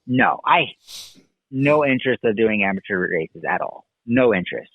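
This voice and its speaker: A man in his thirties, a motocross racer and coach, telling his racing story in a relaxed, rambling way. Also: mid-range voice, normal speed, gravelly, no room sound. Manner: relaxed, rambling recollection with fillers. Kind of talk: casual interview storytelling. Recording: dry, tinny phone-like line.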